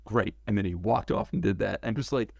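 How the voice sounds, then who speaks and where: A man as an interview guest, telling stories in a casual, animated way, acting out quotes and swearing freely. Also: lowish voice, a little fast, vocal fry, dry recording. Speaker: interview guest, former game cinematics director.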